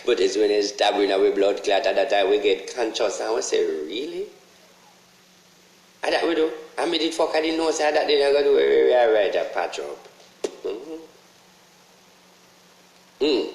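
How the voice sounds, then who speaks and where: A man with a Jamaican accent delivering a casual, preachy monologue, profane and repetitive, his voice jumping high whenever he drives a point home. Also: expressive, normal speed, long pauses, roomy sound, rough recording. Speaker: online ranter.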